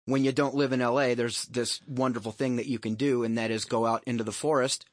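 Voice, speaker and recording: A man's voice: medium pitch, steady tone, a little fast, no echo. Middle-aged guy on a podcast, rambling and cussing, dry close sound. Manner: candid, swears freely, rambling with restarts. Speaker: podcast host. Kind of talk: casual storytelling chat.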